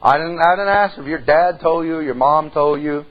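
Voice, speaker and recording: A man's voice: a little high, moderate pace, muffled recording. A middle-aged man preaching a sermon, telling a folksy story and speaking straight to the congregation with frequent amens. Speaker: pastor.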